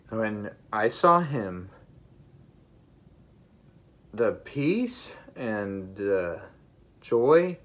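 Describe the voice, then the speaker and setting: A man earnestly telling a personal spiritual testimony straight to his viewers, emphatic and halting with frequent restarts. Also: fairly low pitch. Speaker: vlogger sharing a vision.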